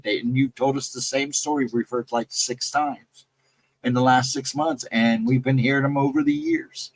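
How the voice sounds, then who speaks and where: At a moderate pace and in a steady, medium-pitched voice, a man spins a ghost story from a camping trip as a live-stream guest storyteller. The telling is casual and rambling, looping back on itself with "I mean" and "you know." Poor audio.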